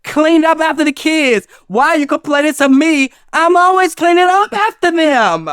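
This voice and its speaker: A man voicing a frazzled wife ranting at her husband, in a high, exasperated voice. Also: animated, normal speed, a bit bright, no echo, studio quality.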